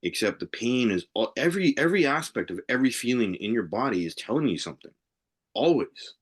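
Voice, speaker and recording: A man's voice: medium pitch, sing-song, fairly quick, slightly rough. A man co-hosting a live spiritual Q&A, speaking earnestly and pressing his points with emphasis. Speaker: spiritual workshop co-host. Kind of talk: live Q&A discussion.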